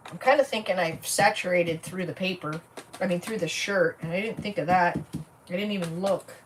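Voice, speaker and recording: Her voice sits in the middle range and comes from far away from the mic, with faint noise around it, as a woman works on a craft project during a livestream, chatting casually and thinking aloud.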